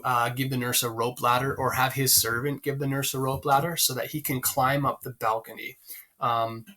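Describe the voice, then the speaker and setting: Bright-voiced male teacher explaining a play. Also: medium pitch. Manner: conversational, many fillers, pauses to find lines. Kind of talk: explaining a play to students, casual.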